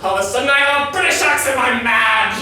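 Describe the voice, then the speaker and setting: A man's voice: very high voice, quick pace, noisy background, pitched above the performer's own voice. A man playing a boisterous, grandiose company boss in live solo improv. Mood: outraged. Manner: blustering, grandiose showman. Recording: echoey stage from far off.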